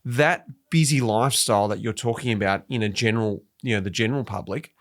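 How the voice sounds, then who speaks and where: A man's voice: fairly low pitch, quick pace. A man hosting a casual podcast interview, thinking aloud in a conversational way. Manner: conversational, thinks aloud with many "you know" fillers. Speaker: podcast host.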